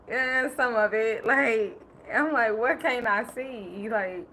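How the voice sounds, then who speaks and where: A woman's voice: on the high side, a little slow, few pauses, pushed and bright, a little hiss or hum, low-quality recording. Emotional, rambling woman on a livestream. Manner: emotional, rambling, laughs often. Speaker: livestream host. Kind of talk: casual personal livestream talk.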